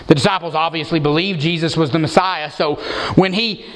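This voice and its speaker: A man's voice: fairly high pitch, steady tone, brisk, a bit bright. A man preaching an expository sermon as pastor, emphatic and posing rhetorical questions to the congregation. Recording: long hall reverb.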